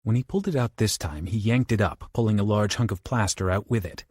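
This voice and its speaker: A man's voice: fairly low pitch, a little fast, slightly rough, dry recording. A man narrating a horror audiobook in a dramatic style. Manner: dramatic, with lively shifts into character voices.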